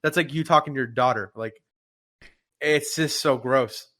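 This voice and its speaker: A man in casual podcast chat, talking in an animated, indignant way and swearing a lot. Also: mid-range voice, normal speed.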